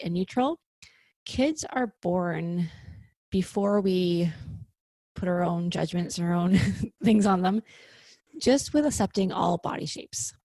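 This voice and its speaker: Brief: woman guest on a call, low gravelly voice, lively chatty delivery. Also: no echo. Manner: lively, chatty, frequent "like" asides. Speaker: podcast guest. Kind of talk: casual conversational interview.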